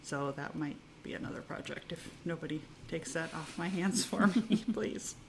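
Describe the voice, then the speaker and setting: Female co-host, low voice, easygoing chat, pauses often with ums. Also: background noise. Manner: relaxed, with frequent ums and uhs. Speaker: podcast co-host. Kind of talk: casual chat. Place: yarn shop. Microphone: recorded on camera.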